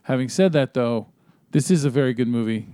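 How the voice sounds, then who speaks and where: A man co-hosting a movie review podcast, giving a measured, opinionated take in casual chat. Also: mid-range voice, mellow, no echo, studio quality. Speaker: podcast co-host.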